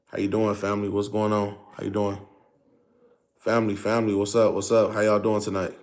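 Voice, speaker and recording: A man's voice: lowish voice, monotone, fairly quick. A man hosting a casual livestream, greeting viewers over and over and explaining things in a loose, filler-heavy way. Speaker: livestream host.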